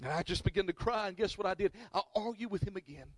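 A male pastor preaching a sermon, with sudden shouted bursts and call-and-response with the congregation. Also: high voice, expressive, fast talker, few pauses, dry recording. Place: church, recorded on video.

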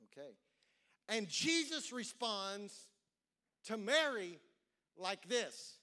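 A male pastor preaching a sermon in a dramatic way, repeating words and drawing out key phrases slowly. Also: sits high, big pitch swings, pushed and bright.

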